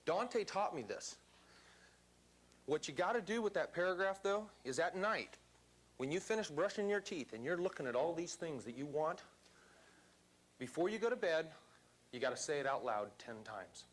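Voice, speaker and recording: Guy pumping up a seminar room, punchy and emphatic, fairly high voice, keeps firing questions at the crowd. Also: lively intonation, normal speed, pauses often. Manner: emphatic, quizzes the audience. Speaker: seminar speaker. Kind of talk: motivational seminar talk. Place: seminar room before a live audience.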